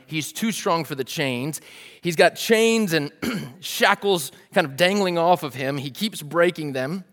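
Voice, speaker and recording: A man with a somewhat high voice delivers a sermon, retelling the scene in a relaxed, vivid storyteller's way. His voice rings out with a long reverb, as in a large church hall. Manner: casual, vivid storytelling with "like" and "dude". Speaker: pastor.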